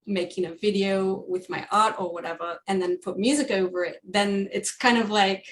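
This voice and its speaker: A woman's voice: medium pitch, fairly even intonation, normal speed, a little hiss or hum. A woman from Australia with an Australian accent, a composer chatting casually in an interview, laughing often and filling with ums. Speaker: composer guest.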